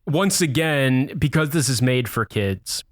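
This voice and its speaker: An American man, a podcast guest in casual comedic chat, wry and profane with halting phrasing. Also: medium pitch, lively intonation, dry recording, studio quality. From United States.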